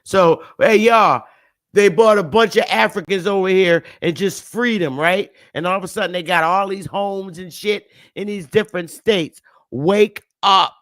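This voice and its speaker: A woman's voice: mid-range voice, moderate pace. A woman hosting a casual livestream, talking loosely and profanely and laughing often as she goes. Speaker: livestream host.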